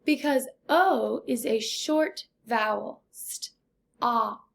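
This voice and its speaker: A woman teaching a recorded first grade phonics lesson, speaking slowly and deliberately in an encouraging teacher's way. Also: high voice, expressive, gravelly.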